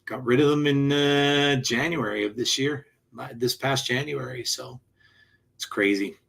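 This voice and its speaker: Podcast co-host, man, mid-pitch, chatty storyteller who restarts sentences a lot. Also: a little slow, creaky, a bit bright, slightly rough. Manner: rambling storyteller, frequent restarts and laughs. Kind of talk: casual chat.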